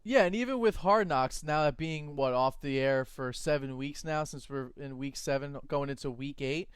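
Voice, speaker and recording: A man co-hosting a fantasy football show, animated and opinionated in casual sports talk. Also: mid-range voice, normal speed, clear, resonant tone, dry recording, studio quality. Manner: animated, laughs easily, opinionated.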